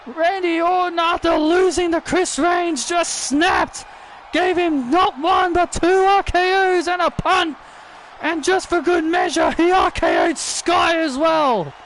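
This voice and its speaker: A man doing excited play-by-play wrestling commentary over a video game, often shouting and repeating himself. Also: very high voice, slow pace, slight background noise.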